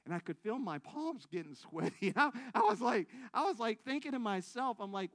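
A man with a high, bright, forceful voice preaches a testimony sermon from his own story. He is self-mocking and laughs as he goes, shifting from loud bursts to hushed asides. The sound is close and dry, with no room around it. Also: moderate pace, hardly any pauses, dry recording. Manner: big swings between loud excited bursts and quiet low asides.

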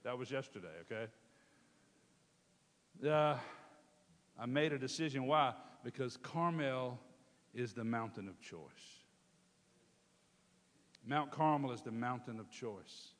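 A man preaching a storytelling sermon, animated and calling out to his congregation. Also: medium pitch, takes it slowly, long pauses. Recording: long hall reverb.

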